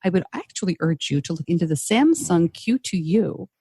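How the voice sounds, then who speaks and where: A woman hosting a podcast, talking in a chatty, animated way and laughing often, recorded on a desk mic at home. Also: lowish voice, moderate pace, breathy edge, no room sound, clean studio sound. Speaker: podcast host. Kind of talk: casual group chat. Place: home studio. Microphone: desk microphone on a stand.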